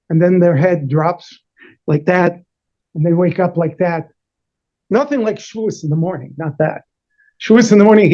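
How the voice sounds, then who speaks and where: Speaking in a high voice through muffled audio, a rabbi entertains children on a video call with a tale. He sprinkles in Hebrew and Yiddish and brings the characters to life with quick, lively voice bursts.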